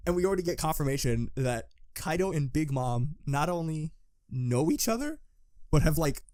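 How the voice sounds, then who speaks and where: Laughing, excitable podcast host. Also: male voice, on the high side, moderate pace, no echo, clean studio sound. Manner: laughs often, excitable, loose. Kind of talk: casual fan podcast chat.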